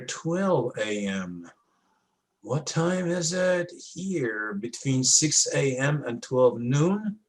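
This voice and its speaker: A man's voice: mid-range voice, poor audio. A man teaching a class, talking students through moon and sun diagrams in a casual, step-by-step way with frequent checks. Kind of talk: classroom lab walkthrough.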